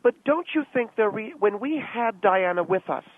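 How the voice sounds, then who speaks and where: A man's voice: high voice, expressive, moderate pace, dry recording, voice pushed up. A man voicing a pompous, gossiping American society lady who gushes and calls people darling, heard over a phone line. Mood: gushing. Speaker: guest character on radio show.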